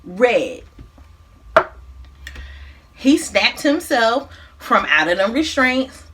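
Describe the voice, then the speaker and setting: A woman vlogger casually recapping a movie, with animated, slangy, profane storytelling. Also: fairly high pitch, extremely slow, slight background noise. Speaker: mukbang vlogger.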